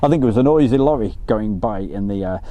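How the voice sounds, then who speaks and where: A man's voice: lowish voice, animated, fast talker, warm tone, no room sound. A man hosting a casual live stream from outdoors by an airfield, chatty and joking as he reads out viewer messages.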